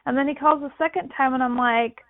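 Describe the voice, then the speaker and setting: A woman's voice: sits high, a little fast, no echo. A woman co-hosting a podcast, telling a campfire-style personal story in casual chat and acting out the voices she quotes. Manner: animated, acts out quoted voices. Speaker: podcast co-host. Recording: dry, phone-like line.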